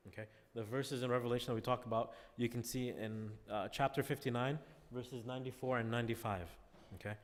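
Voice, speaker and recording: Male class teacher, conversational lecture style, medium pitch, reverberant classroom sound. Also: fairly even intonation, fairly quick. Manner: conversational, checks in with "all right?" often. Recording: long reverb.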